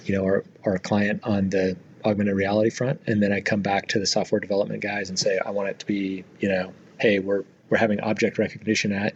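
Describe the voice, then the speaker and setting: A middle-aged man, a retired Marine aviator, telling his story as a guest in a relaxed, rambling way with many fillers. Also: fairly low pitch, lo-fi sound, a little hiss or hum. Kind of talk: casual storytelling interview.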